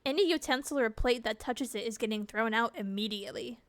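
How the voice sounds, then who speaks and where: A woman's voice: on the high side, brisk, few pauses, dry recording. A woman streamer reading a game's text aloud, laughing and reacting with disgust between lines.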